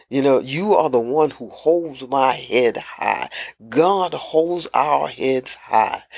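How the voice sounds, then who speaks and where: A man preaching a devotional sermon, slow and emphatic, repeating key phrases. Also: mid-range voice, husky, no room sound, muffled recording.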